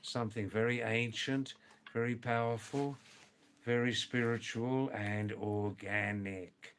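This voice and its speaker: A man's voice: medium pitch, fairly even intonation, takes it slowly, fairly bright tone, clear, resonant tone. An older man hosting a casual livestream, chatting with viewers by name, teasing and repeating words for emphasis. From England and Australia. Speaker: livestream host. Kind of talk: casual live chat reading viewer messages.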